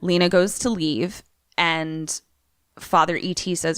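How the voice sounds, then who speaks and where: A chatty woman recaps a film plot for her podcast co-host, her voice sitting fairly low. The sound is dry and close, with no room behind it. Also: fairly even intonation, takes it slowly, fairly bright tone, clean tone, dry recording. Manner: chatty retelling with frequent "like". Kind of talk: casual movie recap.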